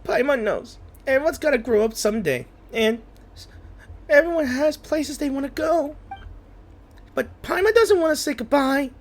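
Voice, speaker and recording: Paimon: a gamer squeaking out a chirpy little companion. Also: lively intonation, moderate pace, long pauses. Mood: pleading. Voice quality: high, chirpy, childlike. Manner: reads game dialogue aloud in a put-on voice. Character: small excitable female floating companion. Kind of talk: voicing a game character's lines.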